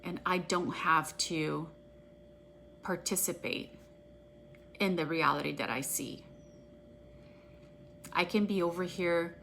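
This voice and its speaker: A woman practitioner guiding an EFT tapping session, speaking in an earnest, gentle, affirming way. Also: fairly low pitch, slight background noise.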